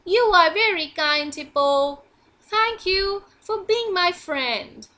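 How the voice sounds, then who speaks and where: A woman's voice: very high-pitched, expressive, slow pace, pushed and bright, voice pushed up, full character voice. A woman voicing a fussy little male frog from a storybook, polite but complaining in a sing-song way. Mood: grateful.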